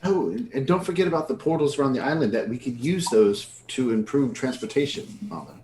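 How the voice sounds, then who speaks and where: A man's voice: mid-range voice, expressive, fairly quick. A man playing in a tabletop game, speaking hesitantly with many ums. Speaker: player. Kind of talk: casual tabletop role-play. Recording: echoey room, faint noise.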